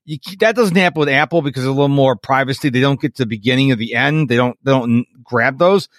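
A man chats casually on a tech podcast, playful and talkative as he hops from topic to topic. His voice sits in a middle pitch range. The recording is dry and close-miked. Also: fast, no echo. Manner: chatty, playful, jumps between topics. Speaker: podcast co-host.

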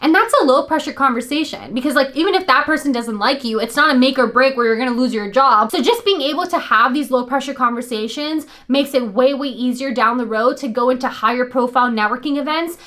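A young woman with a high-pitched voice gives upbeat, emphatic advice straight to camera as the channel host. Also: a little fast, hardly any pauses, a bit bright.

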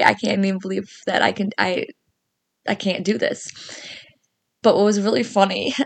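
A woman hosting a podcast, telling a ghost story in a casual, animated way, acting out what people said and laughing often. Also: lowish voice. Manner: animated, acts out quoted voices, laughs often. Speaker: podcast host.

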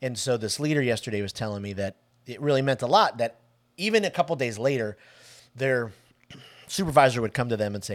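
Animated man co-hosting a podcast, dry sound. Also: medium pitch, a little fast, no echo. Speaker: podcast co-host. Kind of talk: casual podcast chat.

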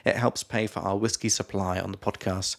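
This podcast co-host, a young English teacher from England, jokes around while loosely explaining vocabulary terms, laughing and switching to silly voices. He speaks low, flat, and a little fast, with a creaky quality.

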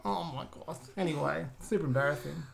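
A woman with a low, gravelly voice talks fairly quickly over a crowd in the background. She plays a boastful, mischievous eight-year-old boy hosting a comedy podcast, sounding bratty, giggly, and prone to loud outbursts in this improvised character show.

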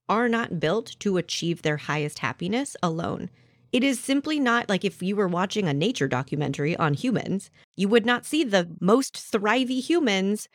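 A woman in her thirties hosting a solo podcast, talking to the listener in an animated, conversational way. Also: medium pitch, no room sound, studio quality. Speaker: podcast host.

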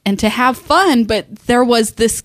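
A middle-aged woman chatting casually, animated and laughing often, with frequent restarts. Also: fairly high pitch, measured pace, no echo, studio quality. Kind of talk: casual chat.

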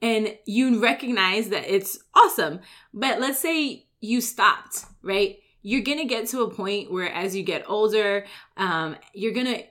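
A woman's voice: medium pitch, fairly bright tone. A woman who runs a gym, giving a casual motivational talk full of "like" and "right?" and acting out everyday complaints. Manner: chatty, fills with "like" and "right?"; acts out everyday complaints in quick asides. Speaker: gym owner and coach.

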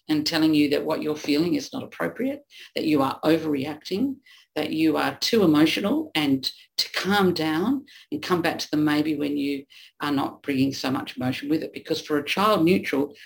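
Gravelly-voiced woman coach. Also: deep voice, animated, moderate pace, rough recording. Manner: earnest, acts out quoted partners. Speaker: relationship coach. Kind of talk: teaching conversation.

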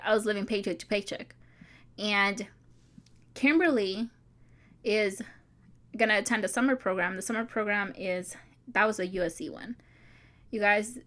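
A woman's voice: medium pitch, fairly bright tone. A woman in her forties, an online course creator, talking to her viewers in a chatty, heartfelt way, full of likes and restarts. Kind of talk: personal vlog talk.

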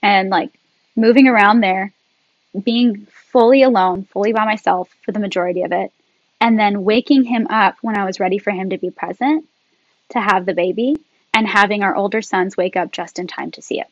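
A woman guest in a casual talk, telling her story in a chatty, animated way. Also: mid-range voice, moderate pace, dry recording, dull audio. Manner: animated, chatty, laughs often. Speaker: podcast guest.

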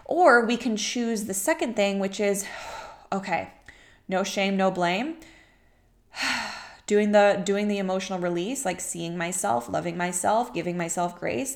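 Young woman, pregnant business coach, emphatic motivational talk with repeated lines. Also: medium pitch. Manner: emphatic, repeats phrases, acts out her inner voice.

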